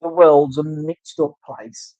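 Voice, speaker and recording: A man's voice: on the high side, steady tone, slow pace, warm tone, no room sound. A man in casual chat, rambling and swearing through banter in a tattoo studio. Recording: dull, dry lo-fi sound.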